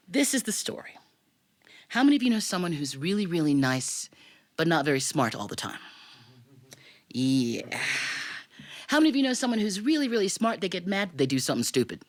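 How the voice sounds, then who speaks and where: A woman's voice: on the low side, brisk, pauses often. A woman telling a family story live, chatty and quizzing her audience. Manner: lively, chatty, asks the audience questions. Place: recording studio with live audience.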